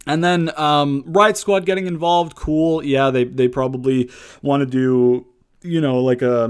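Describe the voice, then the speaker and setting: Young guy, mid-range voice, animated swearing rant about wrestling; loud bursts, low mutters. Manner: animated, swears often, swings between loud outbursts and low asides. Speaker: wrestling show reviewer. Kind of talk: casual rant review.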